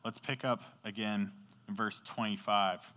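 A man's voice: lowish voice, steady tone, measured pace, pushed and bright. A man preaching a casual sermon to a youth group, telling the story in slangy, conversational speech and asking the audience questions. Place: indoor hall beside a sports field, rain outside. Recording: echoey hall.

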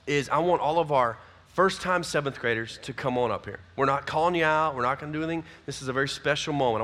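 A man, a youth pastor giving a folksy, energetic closing talk to his youth group. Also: medium pitch.

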